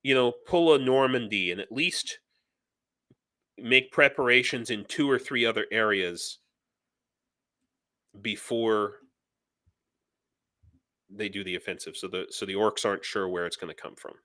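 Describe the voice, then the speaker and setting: A man hosting a live news stream, talking in a heated, ranting way and reading viewer comments aloud. His voice is bright and forceful. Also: fairly low pitch, a little slow, pauses often. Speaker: livestream news host.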